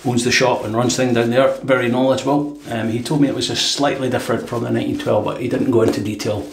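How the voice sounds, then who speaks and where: A man hosting a casual shaving video, chatting in a relaxed way and often saying "right". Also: medium pitch, fast. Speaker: shaving vlogger. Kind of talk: casual shave demonstration. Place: home bathroom. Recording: echoey bathroom with faint water noise.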